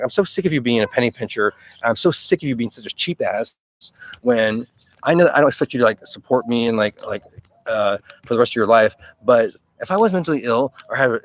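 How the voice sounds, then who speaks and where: A man's voice: medium pitch, no echo. A man talking through a rambling personal video diary, agitated and swearing, often quoting his own thoughts aloud. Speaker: video journal keeper.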